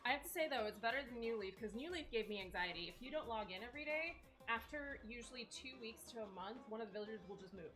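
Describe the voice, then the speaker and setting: A young woman joins a casual baking chat, her voice sitting a little on the high side. She is relaxed and chatty and laughs easily. Faint music plays softly behind her. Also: fast talker, few pauses, rough recording. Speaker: guest co-baker.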